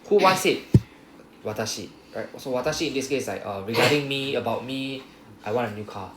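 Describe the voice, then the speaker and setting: A man's voice: medium pitch, a little fast. Man teaching in a roomy classroom. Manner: patient, repetitive, checks understanding with "right?". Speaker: Japanese language teacher. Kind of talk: classroom grammar explanation. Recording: roomy classroom echo, faint hum.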